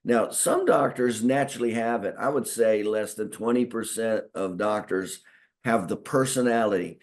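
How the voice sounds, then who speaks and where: A man's voice: on the low side, moderate pace. A man teaching chiropractors in a folksy, repetitive lecture, acting out bits of talk with patients. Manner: folksy, repeats himself, acts out patient talk. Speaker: chiropractic consultant teaching doctors. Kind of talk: spoken training lecture.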